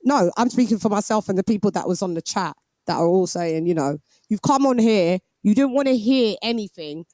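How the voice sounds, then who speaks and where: A woman's voice: medium pitch, expressive, a little fast, darkish tone, dry recording. A woman hosting a boxing live stream, arguing bluntly and mocking her caller. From Britain. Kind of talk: heated live-stream argument.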